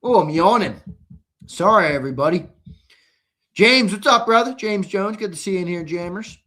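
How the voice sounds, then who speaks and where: A young American man hosts a live fan show in a loose, chatty way, answering viewer comments as they come in. His voice sits a little on the high side. He can flare up into shouting before settling back down. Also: expressive, normal speed. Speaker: host. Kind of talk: live sports talk stream.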